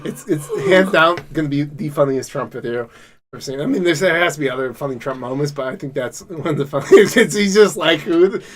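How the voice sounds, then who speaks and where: Profane, animated male podcast co-host. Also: on the high side, fast talker. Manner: animated, profane, laughs a lot while telling stories. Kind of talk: casual chat.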